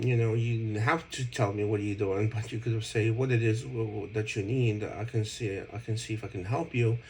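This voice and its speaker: A man's voice: mid-range voice, a little mellow, slight background noise, rough recording. A man speaking casually to an old friend, explaining himself at length with many fillers and restarts.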